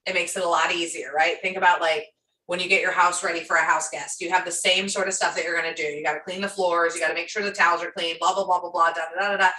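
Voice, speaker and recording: A woman coach talks casually through a workshop as an animated storyteller who acts out the people in her stories. Her voice is bright and forceful. The sound is roomy and comes from a mic placed at a distance. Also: on the low side, fast talker. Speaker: business coach.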